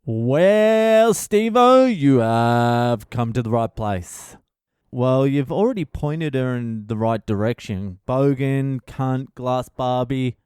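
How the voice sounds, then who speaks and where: Swearing Australian man, smooth voice. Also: medium pitch, slow, warm tone, dry recording, studio quality. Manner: crude, profane, swears constantly; laughs at his own jokes. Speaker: podcast host, comedian. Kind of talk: casual comedic monologue.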